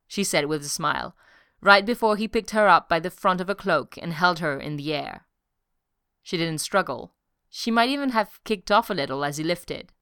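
A woman narrating an audiobook story in a steady, even-paced way. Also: fairly low pitch, normal speed, smooth, no room sound, clean studio sound. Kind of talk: audiobook narration of fan fiction.

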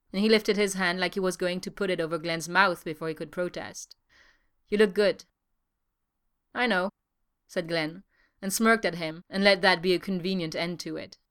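A woman narrates a story in a smooth, resonant voice pitched a little low. Her reading is even and measured. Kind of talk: audiobook narration.

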